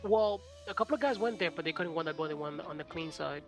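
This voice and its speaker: A man's voice: fairly high pitch, fast talker, faint music behind. A man chatting casually on a stream, teasing and blunt, swearing freely. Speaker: co-host. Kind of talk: casual chat.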